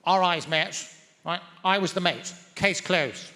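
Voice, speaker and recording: A man's voice: sits high, a little slow, pushed and bright. Wordy, mock-pompous male comedian. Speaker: stand-up comedian. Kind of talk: stand-up comedy. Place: large theatre stage. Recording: large reverberant theatre hall.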